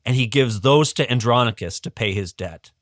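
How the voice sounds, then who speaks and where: Male podcast guest, lively casual storyteller with chuckles and restarts, mid-pitch voice. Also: normal speed, dry recording, studio quality. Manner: animated, chuckling, many restarts. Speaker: guest educator.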